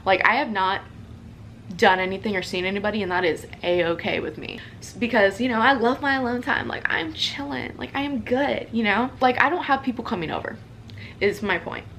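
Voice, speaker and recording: A young woman talks through a personal story in a loose, chatty vlog style. She fills her speech with "like" and "you know". Her voice sits a little high, with a faint background hum. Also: a little fast, fairly bright tone. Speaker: social media creator. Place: at home in her apartment.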